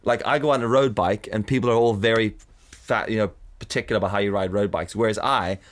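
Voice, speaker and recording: A man's voice: fairly low pitch, steady tone, fast. A man co-hosting a podcast in casual chat, rambling through anecdotes and acting out his friends' lines in put-on voices. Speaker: podcast co-host.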